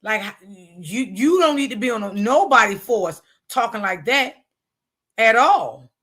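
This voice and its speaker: A woman's voice: a little high, expressive, slow pace, fairly bright tone, breathy edge. An older woman and grandmother giving casual commentary on a stream, emphatic and repeating her points.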